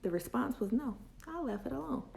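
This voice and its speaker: A woman's voice: a little high, lively intonation, a little fast, creaky, darkish tone. A woman hosting a women's chat, telling a personal story in a candid, confiding and emotional way, with faith woven in.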